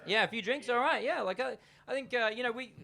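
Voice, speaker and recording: Chatty Australian stand-up comedian. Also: male voice, very high-pitched, fast talker, creaky, sharp tone. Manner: chatty, loose, lots of fillers and asides to the crowd. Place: comedy venue with a live audience.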